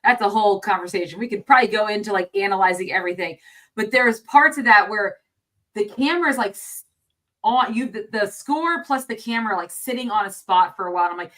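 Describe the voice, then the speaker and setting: A woman's voice: mid-range voice, moderate pace, fairly bright tone. A woman co-hosting a casual film discussion, thinking aloud and rambling with frequent restarts. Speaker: co-host.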